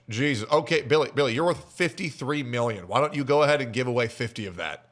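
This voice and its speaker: A man's voice: medium pitch, lively intonation, fast, hardly any pauses. A man streaming and reacting to a video, ranting crudely and sounding exasperated.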